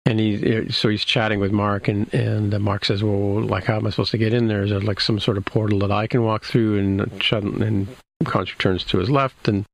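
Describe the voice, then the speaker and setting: A man's voice: lowish voice, level tone, brisk, no room sound. A man in casual chat, rambling through a recap with many restarts and fillers. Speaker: podcast co-host recapping a TV episode.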